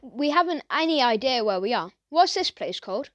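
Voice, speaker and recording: A woman's voice: sits high, very animated, normal speed, lo-fi sound. A woman voicing a clever, cheeky boy detective who talks with innocent politeness in a storybook reading. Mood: polite. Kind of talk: children's audiobook character voice.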